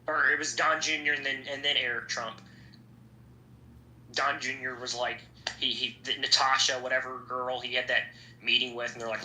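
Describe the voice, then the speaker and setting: A man's voice: mid-range voice, flat delivery, moderate pace, pushed and bright. A young man hosting a podcast, chatting casually in a rambling, profane way. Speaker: podcast host. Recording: echoey room, faint background noise.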